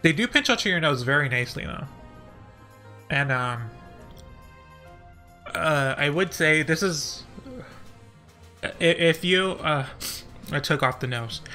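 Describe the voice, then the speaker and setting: A man with a somewhat high, bright, forceful voice chats loosely on a live stream and giggles as he pokes fun at himself. He rambles from one remark to the next with a casual, self-mocking manner. Faint music plays underneath. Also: lively intonation, slow pace, pauses often. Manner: giggly, self-deprecating, joking. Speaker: YouTuber reading live chat.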